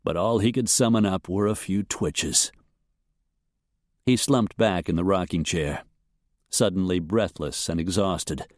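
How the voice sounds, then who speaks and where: A man narrating a western novel in a measured storytelling manner. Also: low-pitched, no room sound, clean studio sound. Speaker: audiobook narrator.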